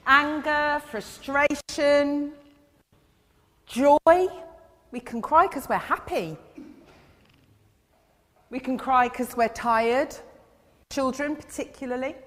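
A woman giving a gentle children's sermon in church, asking her listeners questions as she goes. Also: sits high. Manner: gentle, asks the audience questions. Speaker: church speaker giving an all-age talk. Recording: long reverb in a big hall.

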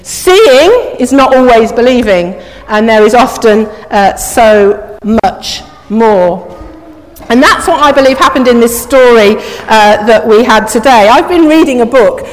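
A woman's voice: a little high, lively intonation, unhurried, a little hiss or hum. A woman giving an informal, chatty sermon, putting questions to the congregation and laughing now and then. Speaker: preacher. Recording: echoey hall.

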